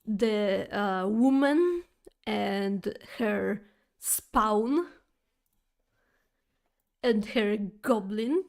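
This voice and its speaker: A woman streamer telling a chatty, exaggerated story to her viewers, with halting phrasing full of fillers and restarts. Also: mid-range voice, expressive, creaky. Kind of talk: casual storytelling chat.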